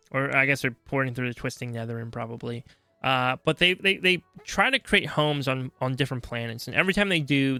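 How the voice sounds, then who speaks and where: A man's voice: medium pitch, bright, forceful tone, smooth, no echo. A man hosting a podcast, explaining game lore in a chatty, casual way and checking in often with "right?". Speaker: podcast host.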